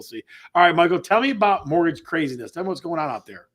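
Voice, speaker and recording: A man's voice: fairly high pitch, animated, rapid-fire, hardly any pauses, a bit bright. A man hosting a live real estate stream. He talks in a casual, upbeat way, reads viewer comments aloud and often repeats himself. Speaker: real estate show host.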